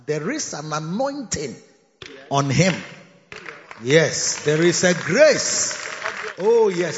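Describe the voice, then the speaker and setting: A man with a Ghanaian accent preaching a sermon, animated, laughing and rising to shouts. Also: high-pitched. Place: large church hall. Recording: echoey hall, dull lo-fi sound.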